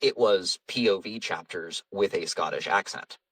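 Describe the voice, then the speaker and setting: A man's voice: low voice, normal speed, fairly bright tone, breathy edge, no echo, distant mic, poor audio. A man, an audiobook narrator and voice actor, chatting casually in an interview, rambling and self-deprecating, laughing often. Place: home vocal booth.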